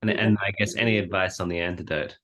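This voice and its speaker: Deep-voiced hesitant man asking a question. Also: steady tone, fast talker, a bit bright. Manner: hesitant, polite, with ums. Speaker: audience member asking a question.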